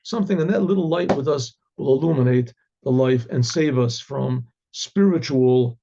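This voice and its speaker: A man, a rabbi, telling a story with a moral in a halting way, often repeating words and clearing his throat. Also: mid-range voice, mellow, dull audio.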